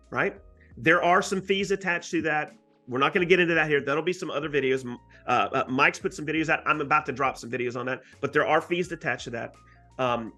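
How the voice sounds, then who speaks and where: Bright-voiced animated male storyteller. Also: fairly high pitch. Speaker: guest real estate agent. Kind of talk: storytelling interview answer.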